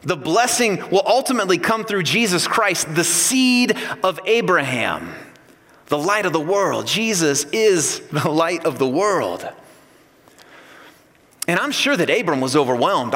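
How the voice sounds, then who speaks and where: A man preaching a sermon, animated and emphatic, acting out God's words with repeated phrases. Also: on the high side, long reverb tail. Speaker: pastor.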